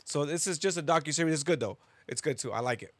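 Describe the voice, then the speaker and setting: A young man co-hosting a podcast, talking in loud, laughing, swearing banter. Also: a little high, expressive, quick pace, dry recording. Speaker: podcast co-host. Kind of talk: casual chat.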